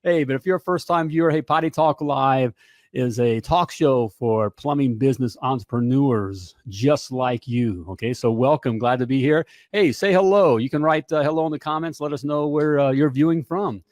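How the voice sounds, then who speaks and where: A middle-aged man hosting a live talk show, energetic and repetitive, tossing in "all right?" and "hey" between lines. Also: medium pitch, moderate pace, no echo, studio quality.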